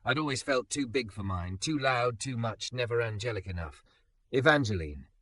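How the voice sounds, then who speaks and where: A man narrating a first-person story with an expressive, emotional delivery. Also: mid-range voice, moderate pace, dry recording.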